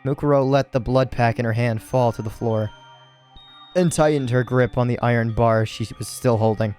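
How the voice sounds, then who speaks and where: A man's voice: mid-range voice, fairly even intonation, moderate pace, darkish tone, clear, resonant tone, faint music behind. A tired man reading a video game's story aloud, stumbling over words and correcting himself with casual asides. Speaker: let's play narrator.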